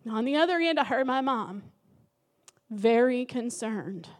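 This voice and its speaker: High-voiced woman pastor preaching. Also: lively intonation, unhurried. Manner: emotional, dramatic storytelling with sudden loud emphasis. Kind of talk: sermon.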